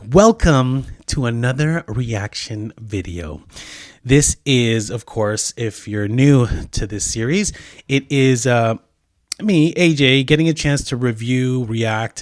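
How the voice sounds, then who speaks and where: Guy hosting a reaction vid, lowish voice, joking at himself, dry close sound. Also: no room sound. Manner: chatty and self-mocking, quick asides. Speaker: host reacting to his own docuseries. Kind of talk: casual reaction-video chat.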